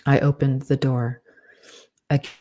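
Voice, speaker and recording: A man's voice: medium pitch, little pitch movement, takes it slowly, dark tone. A man dictating a novel aloud, speaking each comma and period as he goes. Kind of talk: dictation with punctuation spoken aloud.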